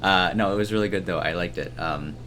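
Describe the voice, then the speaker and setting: A man's voice: low voice, a little fast, a bit bright, a little hiss or hum. A young man co-hosting a comedy podcast about films, rambling through jokes and correcting himself as he goes. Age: young adult. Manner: rambling, jokey, self-correcting. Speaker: podcast co-host. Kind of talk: casual comedic film chat.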